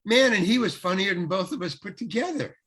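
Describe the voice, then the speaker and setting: A man's voice: sits high, animated, brisk, fairly bright tone, breathy edge. An older man, a guest actor, rambling through showbiz anecdotes in casual talk, often restarting and acting out quoted dialogue.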